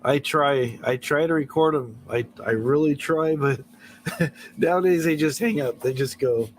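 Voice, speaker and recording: A man's voice: a little high, unhurried, a little hiss or hum, rough recording. A man hosting a casual late-night livestream, telling stories and chuckling often as he talks. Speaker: livestream host.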